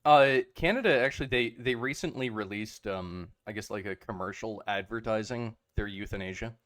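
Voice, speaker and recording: A man's voice: lowish voice, moderate pace, fairly bright tone. A man hosting a podcast, reading out memes in a sarcastic, casual chat. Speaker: podcast host.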